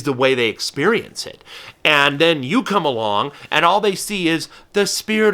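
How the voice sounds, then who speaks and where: A man giving a teaching talk to camera as a falconer, his voice bright and ringing and his pitch sitting a little high. He is animated, stops and restarts often, and now and then slips into playful silly voices. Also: normal speed.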